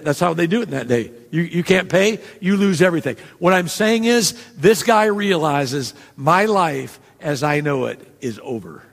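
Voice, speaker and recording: A man with a high, gravelly voice preaches a sermon in a chatty way, dropping asides to his listeners. His voice rings with a long reverb, as if in a church sanctuary. He acts out quoted lines as he goes. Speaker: pastor.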